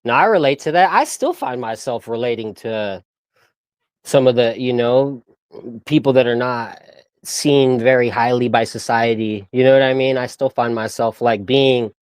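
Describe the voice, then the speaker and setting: A laid-back young man spinning casual stories in loose slang, breaking into laughs as he mimics other voices. His voice sits at a medium pitch and sounds close and dry, with no room echo. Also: normal speed, smooth. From San Diego area. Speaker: guest. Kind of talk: casual storytelling.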